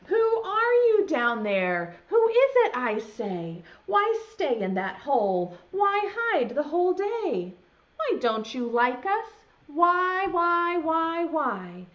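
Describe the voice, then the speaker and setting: A friendly storybook bear, big but gentle, calling out question after question, as a woman reads it aloud. The voice rides up high and loud with a lively sing-song swing. The sound is dull and lo-fi. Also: slow pace. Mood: eager. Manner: eager questioning, repeated calls.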